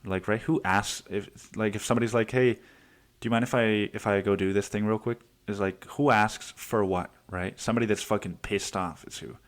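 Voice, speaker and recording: A man's voice: fairly low pitch, fairly even intonation, fairly quick. A man in his twenties telling a heated workplace story on his podcast, swearing often and acting out what people said. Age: 20s. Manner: profane, heated, acts out quotes. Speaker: podcast host. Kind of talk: casual storytelling monologue.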